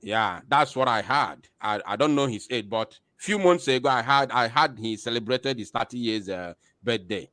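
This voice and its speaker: A man's voice: medium pitch, animated, moderate pace, hardly any pauses, pushed and bright, no room sound. A man hosting online commentary, hesitant with many fillers and emphatic questions. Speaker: commentary host. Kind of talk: commentary on a video.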